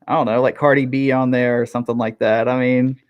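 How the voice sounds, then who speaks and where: A man's voice: mid-range voice, flat delivery, brisk, clean tone, lo-fi sound. A man hosting a casual interview who laughs often and eggs on his guest. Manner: laughs a lot, encouraging.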